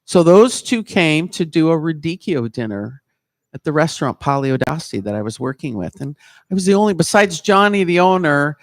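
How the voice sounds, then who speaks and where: A man with a fairly high voice tells an anecdote with lively enthusiasm. The sound is dry and close, with no room echo. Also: moderate pace. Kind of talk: casual live chat.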